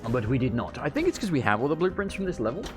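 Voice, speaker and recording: A man's voice: medium pitch, big pitch swings, rapid-fire, music in the background. Chatty man gaming. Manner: chatty, rambling, swears freely. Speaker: gaming channel host. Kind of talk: casual let's play commentary.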